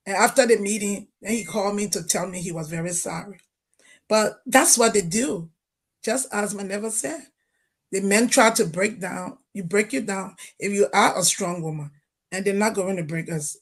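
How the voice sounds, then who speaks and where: A woman's voice: medium pitch, normal speed, slightly rough. A woman from Liberia on a video call, speaking emphatically and sternly in a casual group discussion and retelling her own exchanges. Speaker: panel guest.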